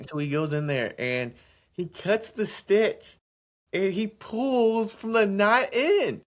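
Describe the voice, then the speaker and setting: Excitable young man, lively and slightly high. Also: slow pace. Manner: excitable storyteller, laughs often, says bro and dude. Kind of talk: casual podcast chat.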